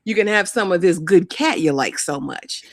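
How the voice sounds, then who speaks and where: A woman's voice: fairly low pitch, expressive, moderate pace, no echo, clean studio sound. A woman co-hosting a reality TV review show in casual chat, blunt and scornful as she mocks the cast.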